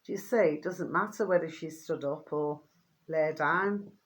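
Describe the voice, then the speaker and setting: A woman, chatting casually to her viewers in a rambling, affectionate way, her voice getting hoarse. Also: low voice, moderate pace. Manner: affectionate, rambling, keeps asking "do you see what I mean". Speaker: vlogger.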